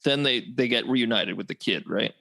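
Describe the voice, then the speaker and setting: Gravelly-voiced man, laid-back and swearing. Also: mid-range voice, moderate pace, sharp tone. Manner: laid-back, swears casually, frequent short agreements. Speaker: podcast co-host. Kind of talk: casual chat about a movie.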